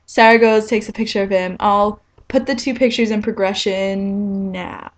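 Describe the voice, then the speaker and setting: An eighteen-year-old woman from New Jersey telling a rambling, excitable story to camera, full of "like.". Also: mid-range voice, moderate pace, low-quality recording. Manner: rambling and excitable, fillers like "like" everywhere. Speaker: vlogger.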